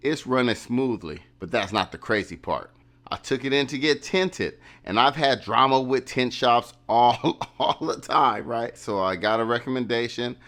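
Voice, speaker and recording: A man's voice: medium pitch, animated, moderate pace, a bit bright. A man hosting a casual vlog, telling a story animatedly and acting out the quotes of others. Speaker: vlogger.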